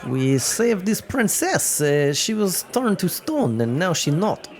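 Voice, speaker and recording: Casting note: man playing a stiff lizardfolk warrior, broken speech, high and lively. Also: slow pace, full character voice. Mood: earnest. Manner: broken grammar, formal.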